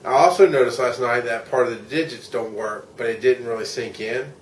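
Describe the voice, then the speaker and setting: A medium-pitched man speaking a bit fast, this weary middle-aged American vlogger and podcaster rambles frankly about his day in a travel vlog, dropping swear words when frustrated. A little hiss or hum sits under a roomy echo and faint ambience, with the mic set far away.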